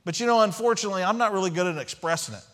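A man's voice: sits high, racing, a bit bright, voice pushed up. A man voicing an imagined man who awkwardly excuses himself, sheepish and hedging.

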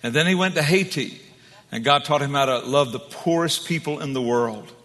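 A man's voice: on the high side, moderate pace, a bit bright, big-room sound. Enthusiastic man introducing a speaker. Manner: enthusiastic, emphatic praise. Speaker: church host introducing guest speaker. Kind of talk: warm introduction speech.

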